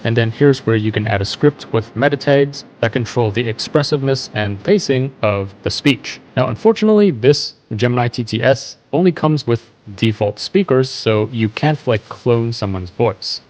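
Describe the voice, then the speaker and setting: A man's voice: mid-range voice, animated, normal speed, hardly any pauses, darkish tone, low-quality recording. A man hosting a tech news show, explaining a web page in a conversational way as he scrolls. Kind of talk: casual screen-share news commentary.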